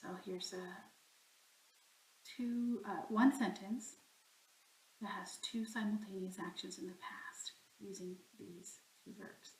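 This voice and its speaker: A woman's voice: medium pitch, steady tone, takes it slowly, reverberant, low-quality recording. A woman teaching a recorded grammar lesson, explaining patiently step by step. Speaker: Spanish teacher.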